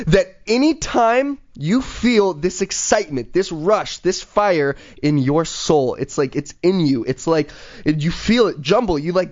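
A man hosting a casual podcast chat, talking in an eager, motivational way with plenty of fillers. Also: on the high side. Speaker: podcast host. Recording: dull lo-fi recording.

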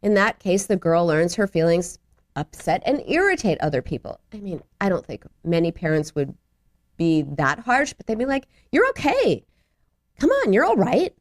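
A middle-aged woman in a studio giving conversational advice, acting out quoted voices and laughing at herself. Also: moderate pace. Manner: acts out little voices and quotes with lively pitch jumps. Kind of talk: advice talk on self-compassion.

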